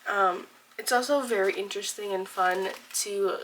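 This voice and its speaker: Young woman vlogging about books, bright voice, chatty and gushing, faint background hiss. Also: mid-range voice, moderate pace, low-quality recording. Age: 20s. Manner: chatty, gushing, many fillers. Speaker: book vlogger. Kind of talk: casual reading vlog.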